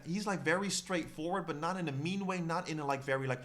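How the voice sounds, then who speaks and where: A man's voice: a little high, fast, a bit bright. A man co-hosting a podcast in casual chat, dramatic and effusive. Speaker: podcast co-host.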